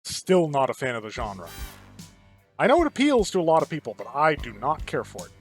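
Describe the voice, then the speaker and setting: A man's voice: on the high side, huge pitch swings, brisk, rough recording. A man hosting a let's-play, commenting in a rambling, profane, digressive way. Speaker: gaming channel host. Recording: game music playing underneath.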